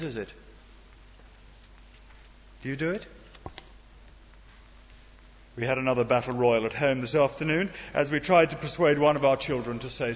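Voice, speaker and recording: Preacher man in a reverberant hall. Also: medium pitch. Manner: earnest, rhetorical questions, wry asides. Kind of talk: sermon. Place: church. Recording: dull sound in a long-reverb hall.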